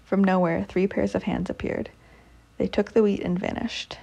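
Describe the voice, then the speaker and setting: A woman storyteller reads a folk tale aloud at a measured, steady pace. Her voice is dark and mellow, with a gravelly, husky texture. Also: mid-range voice, lo-fi sound.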